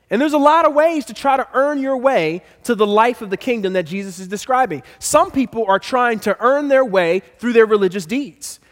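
Male pastor with a high voice, emphatic sermon delivery, repeating key phrases, echoing through a big church hall. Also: animated, normal speed, few pauses.

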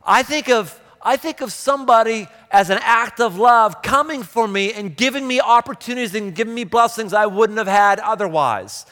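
A man's voice: sits high, normal speed, hardly any pauses, pushed and bright, big-room sound. A man preaching a sermon, telling stories and breaking into impassioned, rising outbursts. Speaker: pastor.

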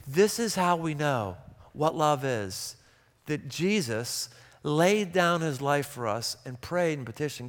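A man's voice: a little high, animated, takes it slowly, long reverb tail. A man preaching a sermon, telling stories and breaking into impassioned, rising outbursts. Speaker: pastor.

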